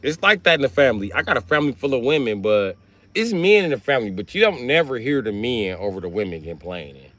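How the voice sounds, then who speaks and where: A man, telling crude comedic stories on a livestream and swinging between loud outbursts and muttering. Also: medium pitch, sing-song, fast talker, no room sound. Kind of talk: rambling comedic storytelling.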